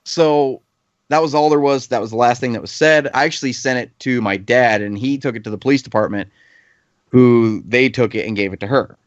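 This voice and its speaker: A man's voice: mid-range voice, fairly quick, no room sound. A man in his thirties, a podcast panelist telling a heated anecdote in casual chat, swearing freely. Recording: slightly dull lo-fi podcast audio.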